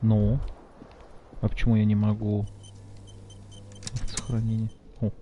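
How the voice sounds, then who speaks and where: Relaxed male streamer, casual commentary, dull lo-fi mic with faint noise. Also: on the low side, unhurried. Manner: relaxed, chuckling.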